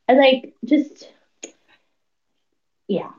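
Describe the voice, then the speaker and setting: Animated woman chatting about a book. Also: fairly high pitch, measured pace, recorded from a distance, highs cut off. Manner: animated, laughs often, acts out characters' lines. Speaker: podcast co-host. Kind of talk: casual book review chat.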